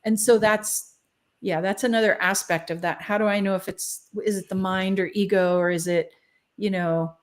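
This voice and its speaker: Woman chatting in an interview, blunt and lively, laughs a lot. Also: mid-range voice, normal speed. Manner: animated, frank and laughing often. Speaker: guest, spiritual channeler. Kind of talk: casual interview conversation.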